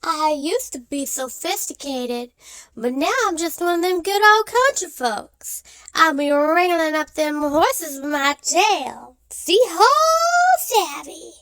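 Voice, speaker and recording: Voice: extremely high pitch, very animated, slow pace, a bit bright, no echo, full character voice. A performer voicing a playful house cat who claims to be a country cowgirl, talking in a folksy, boastful way.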